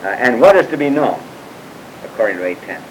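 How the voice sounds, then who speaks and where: A man leads a scripture class at a steady, middling pitch. He works through the text while asking his students questions, often stopping on fillers and side remarks. A faint low rumble and hiss sits behind the recording. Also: a little fast, poor audio. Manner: questioning students, frequent "uh" and "by the way" asides. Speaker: Bible teacher. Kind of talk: classroom Bible lecture.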